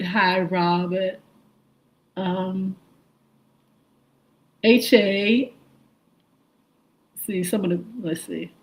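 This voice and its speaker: Slow-talking woman hosting a live stream. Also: mid-range voice, poor audio. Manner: slow, warm greetings, spelling out viewer names. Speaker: morning show host. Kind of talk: live stream shout-outs to viewers.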